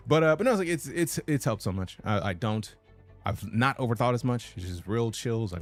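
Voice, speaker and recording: A man's voice: medium pitch, lively intonation, brisk, faint music behind. A man streaming a game, chatting casually and profanely while reading out his chat. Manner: casual, profane, reads chat messages aloud.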